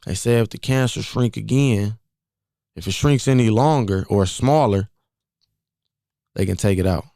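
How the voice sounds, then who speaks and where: A man in his twenties hosts a podcast, sharing a personal story a little slowly in a warm, fairly low voice. Casual and chatty, he keeps looping back to key phrases, and the dry, close recording has very little room.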